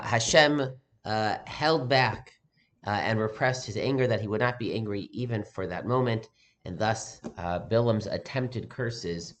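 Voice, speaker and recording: A male rabbi delivers a sermon at an even, mid-range pitch. He speaks in a measured way and pauses often on "uh" between phrases. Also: a little hiss or hum.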